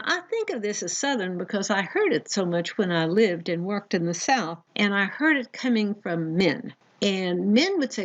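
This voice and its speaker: A woman teaching a recorded college psychology lecture in a conversational, animated way. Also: fairly low pitch, lo-fi sound. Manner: conversational, animated, acts out examples.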